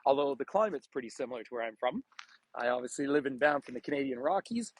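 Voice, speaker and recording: A man's voice: medium pitch, animated, fast, breathy edge, low-quality recording. A man guiding a live walking tour vlog outdoors by a frozen bay, chatty, laughing often and greeting viewers by name, filmed on a phone on a gimbal. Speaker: travel tour guide. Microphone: phone camera on a gimbal.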